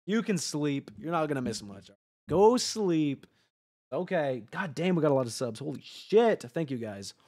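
Excitable man streaming a game. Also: on the high side, moderate pace. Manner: excitable, jokey, swears, talks to chat. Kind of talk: live gameplay commentary.

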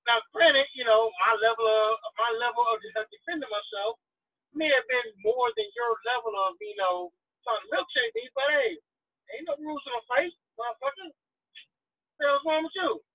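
A man's voice: very high-pitched, very animated, moderate pace, no room sound. A man talking as an interview guest, blunt and profane, often mocking others in put-on voices, heard over a remote call. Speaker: interview guest, truck driver. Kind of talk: animated casual conversation. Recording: tinny phone-line audio, dry.

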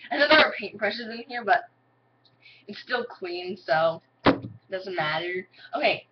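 A woman's voice: medium pitch, expressive, slow pace, pauses often, slight background noise. Giggly, rambling girl vlogging on a dull mic. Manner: rambling, giggly, heavy use of "like". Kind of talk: casual chat to camera.

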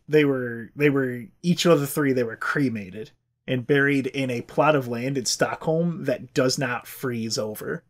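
A man's voice: mid-range voice, fairly bright tone. A man hosting a podcast, telling a history story in a loose, profane, chatty way. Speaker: podcast host. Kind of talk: casual storytelling.

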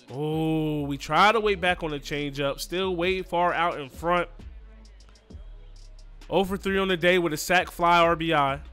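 Soft music plays behind an excitable gaming YouTuber who delivers live play-by-play of his gameplay. His voice is on the high side, clear and resonant, and a little slow, and he cheers on his players with "you know what I mean".

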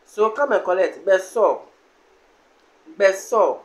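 A man teaching a language lesson, saying each word slowly and repeating it several times. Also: high voice, expressive.

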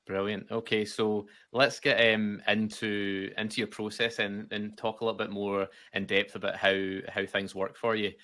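A man's voice: lowish voice, a bit bright. A man hosting a writing podcast, asking questions with hesitant phrasing and many fillers. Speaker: podcast host. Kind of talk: interview questions.

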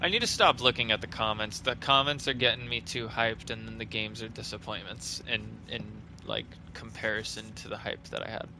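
A man's voice: lowish voice, steady tone, brisk, hardly any pauses, noisy background. A man giving sarcastic, swear-filled commentary on a horror game as he plays, talking to himself and putting on a half-hearted accent. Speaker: let's play gamer. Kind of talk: casual gameplay commentary.

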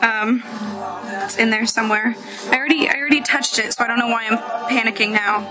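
Young woman with a high voice, jittery and giggly, a casual home video feel. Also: fairly even intonation, fast, over music, low-quality recording. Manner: squeamish, nervous, laughing often. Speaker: dog owner removing a tick. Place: outdoors at home.

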